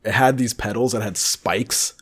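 Man, low voice, casual podcast storyteller, laughs a lot, swears. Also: moderate pace, breathy edge. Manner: animated storyteller, laughs often, swears freely. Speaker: podcast co-host. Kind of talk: casual chat.

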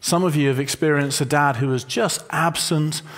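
A man preaching a sermon to a congregation, conversational and gently humorous as he explains a word. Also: fairly high pitch, moderate pace. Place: church hall with a congregation.

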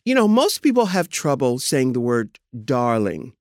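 A man in playful, theatrical podcast chat. His pitch swings widely and expressively, and the sound is close and dry with no room echo. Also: wildly swooping pitch, unhurried. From San Diego, USA. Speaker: podcast co-host.

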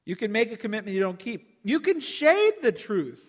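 Male pastor, high voice, animated sermon delivery, long reverb. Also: normal speed. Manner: animated, acts out quoted voices.

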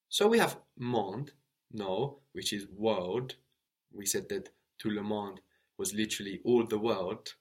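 A man's voice: on the low side, unhurried. A man teaching a spoken language lesson, explaining patiently, spelling out words and checking in with a questioning "no?".

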